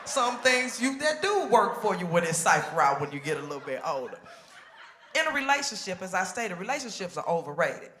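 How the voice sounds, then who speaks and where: A woman doing a stand-up comedy routine on a talk show stage, telling stories in animated style and acting out the people she quotes. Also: fairly low pitch, a little fast, echoey room, slight background noise. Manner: animated storytelling with exaggerated quoted voices.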